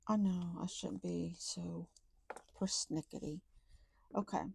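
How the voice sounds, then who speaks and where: A woman chatting casually to viewers while counting out savings, talking soft and low close to the mic. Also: steady tone, slow, gravelly, slight background noise. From Texas. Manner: chatty, soft and low, says y'all often. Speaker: budgeting vlogger.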